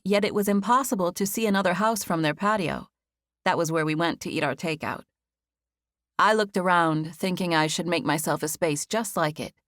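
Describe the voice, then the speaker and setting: A woman narrating a contemporary first-person novel as an audiobook, with a gentle storytelling manner. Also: on the low side, no echo, clean studio sound.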